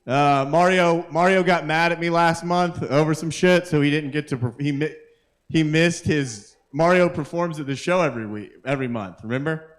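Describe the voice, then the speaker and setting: Guy rambling thru crude stand-up at an open mic, keeps restarting lines, bit higher voice. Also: moderate pace. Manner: rambling, self-interrupting, crude jokes to the crowd. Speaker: comedian and open mic host. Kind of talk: live stand-up comedy. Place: live open mic at a kava bar.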